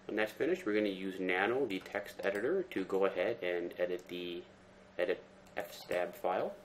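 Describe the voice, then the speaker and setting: A man giving a relaxed, step-by-step screen-recorded tech tutorial, talking through each command with fillers. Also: low-pitched, normal speed, a little hiss or hum. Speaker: tutorial presenter.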